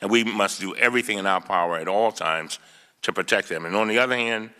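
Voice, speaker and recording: A man's voice: on the low side, fast talker, pushed and bright, clear, resonant tone, big-room sound. A man, a congressman, giving an emphatic formal statement at a hearing, reading quoted testimony aloud and stressing key words. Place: large congressional hearing room.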